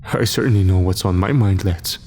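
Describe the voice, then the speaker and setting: A man's voice: sits low, a little fast, a little mellow, slight background noise, close to an everyday voice. A man voicing a drunk, cheeky soldier who slurs his words. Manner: slurring, cheeky.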